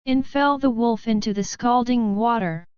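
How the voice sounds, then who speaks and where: A woman narrating a children's story with deliberate, expressive storytelling. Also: fairly high pitch, clear, resonant tone, no room sound. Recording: dull lo-fi recording.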